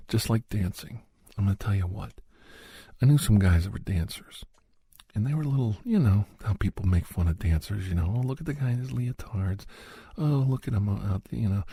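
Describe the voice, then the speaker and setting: A man's voice: on the low side, gravelly, mellow, husky, no room sound, clean studio sound. A man in a whispered role-play, coaching a listener in self-defense with blunt, folksy, streetwise talk. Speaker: ASMR role-play host playing a self-defense mentor.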